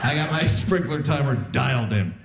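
A man's voice: medium pitch, normal speed, loud music behind the voice. A man in his forties from Canada, doing a live stand-up set and acting out the voices in his stories. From Saskatoon, Canada. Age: 40s. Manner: animated, acting out quoted voices. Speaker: stand-up comedian.

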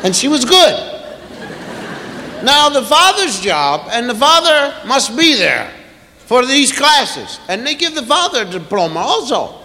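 Male stand-up comic, high lively voice, unhurried, live hall echo with audience. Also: slight background noise. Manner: drawn-out, acts out sounds and voices. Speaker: stand-up comedian. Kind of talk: stand-up storytelling. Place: theater stage before a live audience. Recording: roomy live hall recording with crowd. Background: audience laughter.

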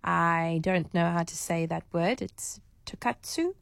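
A woman co-hosting a chat show, telling stories in a chatty way with quick bursts. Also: fairly low pitch, creaky, dry recording. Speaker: radio co-host. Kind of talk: casual radio chat.

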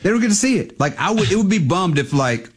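A man's voice: sits high, big pitch swings, fast, breathy edge. A man co-hosting a radio show, rambling casually with lots of fillers. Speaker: radio co-host. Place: radio studio.

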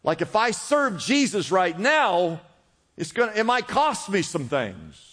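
A man preaching a sermon with a high, bright voice. His delivery swells with fervor and repeated calls to keep going. The sound carries a long reverb from a large church hall. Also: big pitch swings, unhurried. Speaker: pastor.

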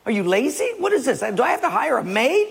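A man's voice: very high voice, very animated, brisk, creaky, slightly rough, voice pushed up, heavily acted. A man acting out an irritable, sarcastic middle-aged husband who grumbles about doing chores. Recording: long hall reverb.

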